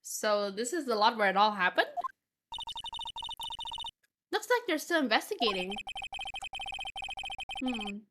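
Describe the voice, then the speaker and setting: A woman's voice: mid-range voice, big pitch swings, slow, long pauses, noisy background. Woman reading as a wry young lawyer. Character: young male defense attorney, dry and wry. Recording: game music behind.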